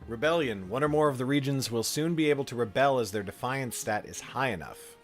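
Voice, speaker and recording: A man streaming a strategy game live, reading out the game's text and chatting casually with his viewers in a relaxed way. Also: medium pitch, brisk, faint music behind. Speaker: streamer running a game for chat.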